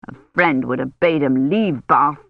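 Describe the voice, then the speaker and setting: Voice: medium pitch, unhurried, vocal fry, no room sound, narrow, tinny audio, voice pushed down. A reader voicing a stern, disapproving old medieval noblewoman who speaks curtly and scolds. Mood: scornful. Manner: curt, scolding. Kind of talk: audiobook character voice.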